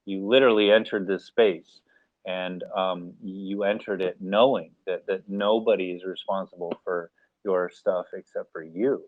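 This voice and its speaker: An American man speaking as a panelist in a casual live discussion, animated and acting out little scenarios as he talks. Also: deep voice, unhurried, no room sound. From United States. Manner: animated, acts out mock scenarios, laughs. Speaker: AMA panelist. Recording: tinny phone-like line, dry.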